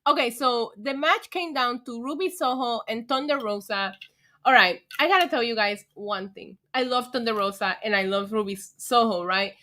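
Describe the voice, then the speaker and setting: Woman streamer, high and bright, excitable, tipsy, swears a lot. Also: normal speed. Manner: excitable, swears freely, laughs often. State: getting tipsy from shots. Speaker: livestream host. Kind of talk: casual livestream chat.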